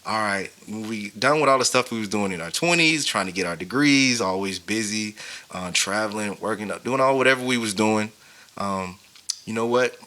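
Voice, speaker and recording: A man's voice: fairly low pitch, moderate pace, sharp tone. A man in his thirties, a podcast host, telling a painful personal story in a casual, heartfelt way, with many fillers. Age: 30s. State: tearful, grieving.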